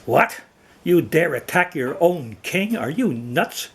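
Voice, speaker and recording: A high, whining male lion king from a cartoon folktale, weak with hunger and pleading for food, put on by a male storyteller. His voice sits well above the narrator's own. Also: very animated, slow pace, a bit bright, exaggerated voice, rough recording. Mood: weary. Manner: high, whiny and begging.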